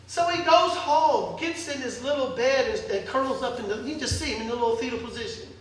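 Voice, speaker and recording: A pastor preaching a sermon in a church hall, telling the story in a lively, joking way. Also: male voice, very high-pitched, fairly quick. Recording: echoey hall, distant mic.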